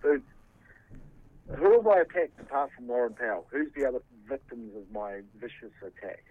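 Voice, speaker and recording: A man's voice: medium pitch, very animated, normal speed. A man, defending himself in a heated interview, swearing and restarting his sentences. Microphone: phone. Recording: tinny phone line.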